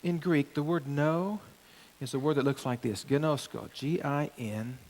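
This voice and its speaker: A middle-aged male pastor preaches a sermon in church, his voice fairly high and a little slow. He leans hard on key phrases with rising emphasis, walking the congregation through the verses in an animated style.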